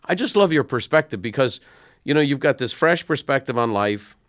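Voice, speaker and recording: A middle-aged man hosting an interview podcast, telling stories in a conversational, animated way. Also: medium pitch, fairly quick, no echo, studio quality. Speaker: podcast host.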